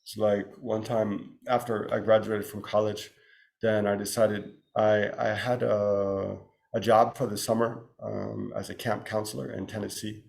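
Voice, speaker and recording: An American man from Virginia giving a Buddhist teaching talk, halting and thoughtful with frequent restarts. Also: lowish voice, flat delivery, gravelly, darkish tone. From Virginia, United States. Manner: halting, many restarts and pauses. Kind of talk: teaching talk with personal story.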